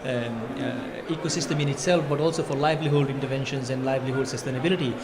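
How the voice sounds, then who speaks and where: A man from Fiji answering as a panelist at a conference, speaking quickly and eagerly with many fillers. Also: medium pitch, fairly even intonation, a crowd in the background. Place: conference pavilion.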